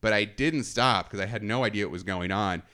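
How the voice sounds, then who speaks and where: A man's voice: lowish voice, a little fast, pushed and bright. A man telling a self-mocking story from his college days in a casual chat, laughing often. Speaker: podcast storyteller.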